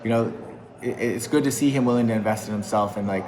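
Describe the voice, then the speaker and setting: A man's voice: fairly low pitch, fast, a crowd in the background, poor audio. A man who coaches MMA, talking casually and upbeat in an interview, with lots of fillers. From New England.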